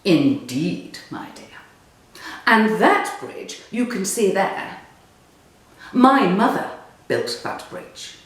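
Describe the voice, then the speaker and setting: Woman putting on a posh booming old lady. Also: big pitch swings, drawn-out words, pauses often. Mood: gentle. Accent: posh English. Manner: booming and commanding. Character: posh, bossy elderly woman, brisk and kindly. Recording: roomy echo, distant mic.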